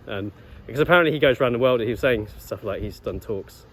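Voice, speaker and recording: A young man tells a story in a relaxed vlog, rambling and full of fillers. His voice sits in the middle range. Faint traffic hums in the background. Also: mid-range voice, fast. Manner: rambling and laid-back, many fillers and restarts. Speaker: travel vlogger.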